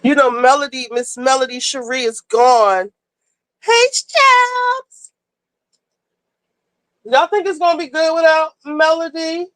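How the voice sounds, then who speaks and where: A woman hosting a livestream, recapping reality TV in casual, blunt and profane chat, rushing through the story. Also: high-pitched, steady tone, no echo, poor audio. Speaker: livestream host.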